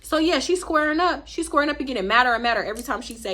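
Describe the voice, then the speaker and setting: A young woman from Houston, Texas, telling a casual storytime vlog in slangy, animated talk, often voicing other people in quotes. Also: high voice, rapid-fire. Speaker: storytime vlogger.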